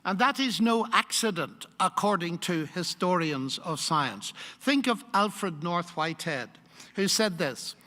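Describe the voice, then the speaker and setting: An older man giving a public lecture, laying out his argument in an emphatic, measured way. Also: sits high, expressive, sharp tone. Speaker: guest lecturer. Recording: echoey hall.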